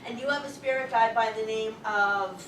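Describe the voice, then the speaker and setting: A woman psychic medium talking to a live audience, loud, rambling and full of cursing. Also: on the high side, normal speed, slight background noise. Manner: loud, profane, rambling storyteller. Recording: echoey room, far from the mic.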